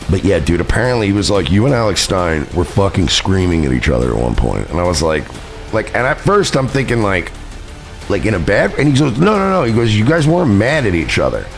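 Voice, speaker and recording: A man telling a rambling, profane story on his livestream, laughing at himself. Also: sits low. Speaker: streamer recounting a party. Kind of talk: casual livestream chat.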